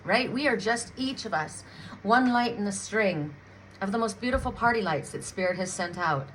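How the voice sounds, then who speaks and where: A woman's voice: medium pitch, expressive, normal speed, a bit bright, slight background noise, rough recording. A middle-aged woman from Canada giving a casual spiritual tarot reading, emotional and chatty, often restarting her sentences and laughing. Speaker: tarot card reader.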